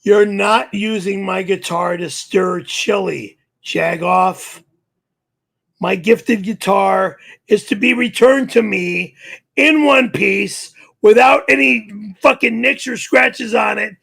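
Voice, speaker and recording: A middle-aged man with a very high, gravelly voice, cursing in explosive bursts. His tone is bright and raspy, and he drags his words out slowly between yells. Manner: profane, explosive shouting. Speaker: show's target and co-host. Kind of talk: angry ranting on a live stream.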